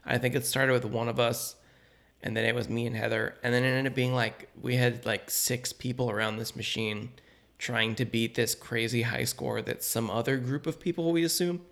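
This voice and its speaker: A man co-hosting a podcast, telling stories in a lively, rambling casual chat. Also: mid-range voice, normal speed. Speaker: podcast co-host.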